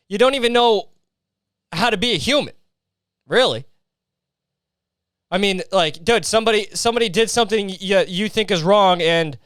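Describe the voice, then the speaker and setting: A man with a high, smooth voice rants through a solo comedy podcast. He swears freely, fills his pauses with ums, and mocks as he goes. The sound is close and dry. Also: a bit bright, no room sound. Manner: profane, exasperated ranting with many fillers; mocking, sarcastic asides. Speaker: podcast host.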